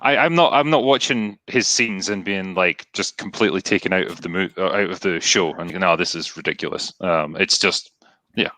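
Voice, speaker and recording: A man's voice: sits low, moderate pace, sharp tone, no room sound. A Scottish man hosting a casual podcast chat, talking in a dry, hesitant way and reading out viewer comments. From Scotland. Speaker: podcast host.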